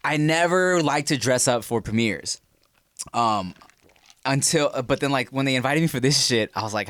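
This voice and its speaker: A man's voice: mid-range voice, lively intonation, brisk, fairly bright tone, no echo. A laid-back man co-hosting a podcast, telling loose, rambling stories and reading ads. His voice is close and dry, with no room sound. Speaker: podcast co-host. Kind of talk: casual podcast chat and ad reads.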